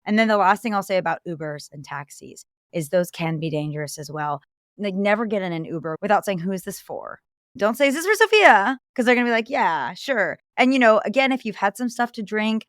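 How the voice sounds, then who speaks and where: A woman's voice: medium pitch, fairly quick, no room sound, studio quality. A woman giving travel safety advice in a conversational, earnest way, telling stories with animation. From Florida-based.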